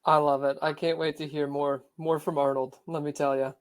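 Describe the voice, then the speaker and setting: A man's voice: fairly high pitch, little pitch movement, fairly quick. A man co-hosting a casual sports podcast, giving easygoing analysis with lots of "um"s. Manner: easygoing, filler-heavy analysis. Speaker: podcast co-host.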